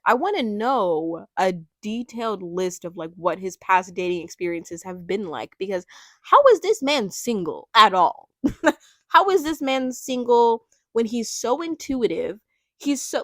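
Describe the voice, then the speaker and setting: A young woman reviewing a reality show in a casual, gushing way, full of likes and quick laughs. Her voice sits at an ordinary pitch for a woman. The sound is dry and close, with no room around it. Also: lively intonation, dry recording. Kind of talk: casual vlog commentary.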